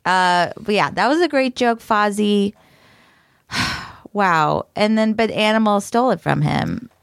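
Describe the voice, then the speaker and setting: Woman guest, slow easy delivery, playful, dry close mic. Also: medium pitch, expressive, creaky, clean tone, no room sound. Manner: playful, jokey, slips into bits. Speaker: podcast guest, actress and writer. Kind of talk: casual podcast chat.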